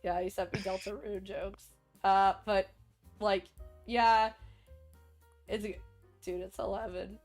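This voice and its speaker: A young adult woman hosting a livestream, chatting in a rambling, animated, giggly way. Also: mid-range voice, slow pace, long pauses, faint music behind. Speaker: livestream host. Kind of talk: casual stream chat.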